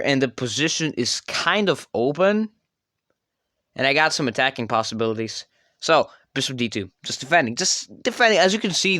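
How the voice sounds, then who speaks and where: Male commentator with a bright, crisp voice. Rambling and self-correcting. Dry, close mic. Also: medium pitch, no room sound. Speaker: chess channel creator. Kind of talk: casual game commentary.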